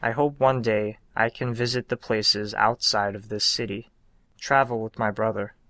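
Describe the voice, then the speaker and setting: A man voicing a friendly young woman who sells roses on the street, speaking politely and softly. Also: fairly low pitch, little pitch movement, moderate pace, dry recording. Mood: gentle.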